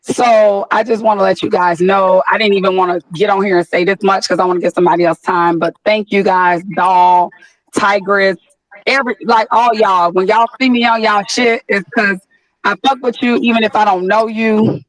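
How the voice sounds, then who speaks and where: A woman's voice: medium pitch, fairly even intonation, no echo, poor audio. Effusive, profane woman. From Atlanta, USA. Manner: effusive, profane, drawn-out words. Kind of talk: casual chat on an audio chat room.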